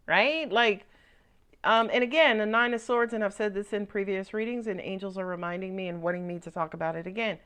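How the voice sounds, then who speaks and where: A woman's voice: medium pitch, fairly quick, fairly bright tone, clear, resonant tone. A woman giving a casual tarot reading, chatty and joking, with slangy asides and frequent laughs. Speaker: tarot reader.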